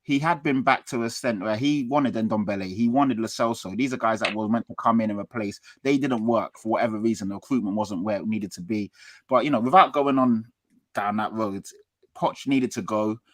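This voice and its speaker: A man gives his view in a casual football chat, firm and emphatic, and he repeats himself to drive a point home. His voice sits at an ordinary pitch. The sound is dry. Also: fairly quick, a bit bright, no room sound. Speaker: football podcast co-host, Spurs fan.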